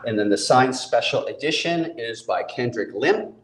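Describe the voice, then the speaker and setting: A host and comic book publisher with a medium-pitched, animated voice chats at a moderate pace on a casual live stream. He's upbeat and talkative and laughs often, broadcasting from a studio set with a bar in an echoey room.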